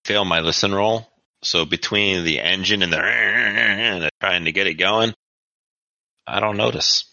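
A man playing a tabletop horror game, talking in gruff, joking banter about his character's actions. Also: sits low, measured pace, sharp tone, no echo, dull audio. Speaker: player. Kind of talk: casual tabletop game play.

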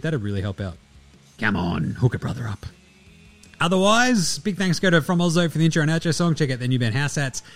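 A man's voice: on the high side, a bit bright. A man with an Australian accent hosting a podcast, talking casually and laid-back, with plenty of swearing and jokes. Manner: laid-back, profane, joking. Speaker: podcast host.

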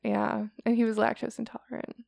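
Tired woman rambling through a story, gravelly and fairly high, dry close sound. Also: little pitch movement, fairly quick, a little mellow, no echo. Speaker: podcast co-host telling a story. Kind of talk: casual chat.

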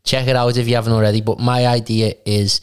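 A man co-hosting a casual podcast chat, easygoing and prompting, pitching ideas. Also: level tone, fast, smooth. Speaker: podcast co-host.

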